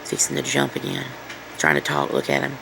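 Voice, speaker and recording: A woman's voice: a bass voice, fairly quick, gravelly, pushed and bright, slight background noise, rough recording. A woman filming at home, chatting and coaxing her pets in a singsong voice. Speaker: pet owner filming at home. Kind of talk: casual home video, talking to pets. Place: home, indoors.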